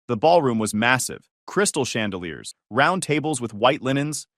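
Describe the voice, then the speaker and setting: A man tells a first-person drama story, his voice moving up and down in animated, expressive sweeps. He sits at middle pitch, and the recording is close and dry with no room echo. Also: normal speed. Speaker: story narrator.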